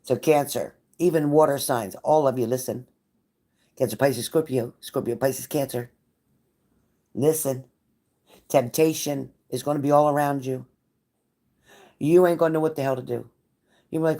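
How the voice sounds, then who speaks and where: A woman's voice: very deep voice, unhurried, pauses often, dark tone. A woman giving a live tarot reading to viewers, blunt and profane, with a pep-talk delivery that repeats phrases for emphasis. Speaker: tarot reader.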